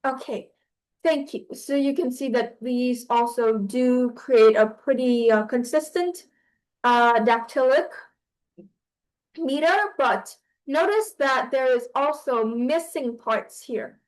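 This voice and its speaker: High-voiced, slow, hesitant woman teacher. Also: poor audio. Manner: hesitant, many fillers and restarts. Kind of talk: online class lesson.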